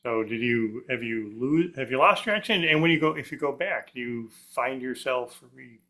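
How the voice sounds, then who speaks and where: A man's voice: medium pitch, expressive, moderate pace, bright, forceful tone. Man host asking rambling questions. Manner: asks rambling questions with many restarts. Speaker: podcast host. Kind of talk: conversational interview.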